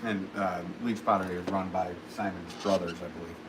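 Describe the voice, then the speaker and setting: A man's voice: low-pitched, fairly even intonation, brisk. A man who is a potter, chatting casually on a livestream from his pottery studio, rambling with many ums and restarts. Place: pottery studio with fans running. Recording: clear fan noise behind the voice.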